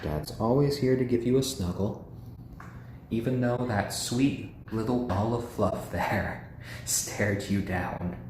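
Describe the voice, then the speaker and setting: A man hosting a casual home live stream, gently cooing to his pet chickens and chatting with viewers. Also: fairly low pitch, slow, echoey room, a little hiss or hum. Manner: chatty, answers viewers' comments.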